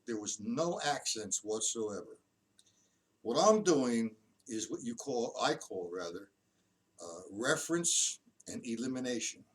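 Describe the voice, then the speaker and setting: A man teaching a casual drum lesson. He explains stick patterns, counts the beats out loud, and keeps correcting himself. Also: mid-range voice. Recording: distant mic with loud drum noise.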